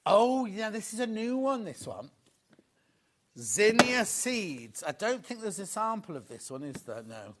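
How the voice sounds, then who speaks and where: A man's voice: high-pitched, big pitch swings, a little slow, noisy background. A man presenting a live home shopping show in a TV studio, chatting and gushing over the products.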